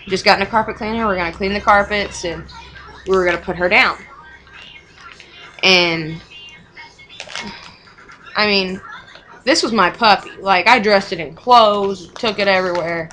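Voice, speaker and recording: A young mother with a drawl rambles through a personal story in casual, frank chat. Her voice is bright and forward at a middle pitch. A faint hiss sits under the recording. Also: poor audio. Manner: rambling and frank, with swearing and short laughs.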